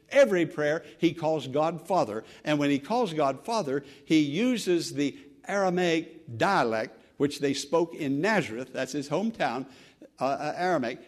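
A man preaching a sermon as pastor, earnest and conversational, swinging from fervent emphasis to soft, quiet phrases. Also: a little high. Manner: repeats words and restarts, conversational preaching.

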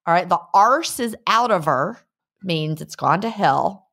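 A woman's voice: on the low side, moderate pace, a bit bright. A middle-aged woman co-hosting a podcast, chatting casually, laughing and trying out regional phrases from listener letters. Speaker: podcast co-host. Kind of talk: casual chat, reading listener mail. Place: lives in a beach resort town.

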